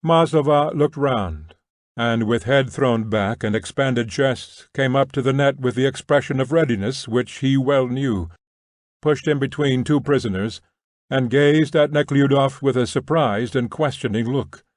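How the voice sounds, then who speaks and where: Brief: male narrator, middle pitch, measured novel reading, dry close sound. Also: no echo. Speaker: audiobook narrator. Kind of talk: scripted narration.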